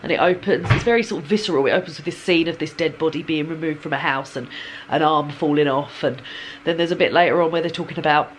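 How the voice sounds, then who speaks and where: Her voice is deep and fast with few pauses, and a little hiss or hum comes through. This woman in her thirties vlogs from her home kitchen, chatting casually in a rambling, giggly way while slightly snotty with a cold.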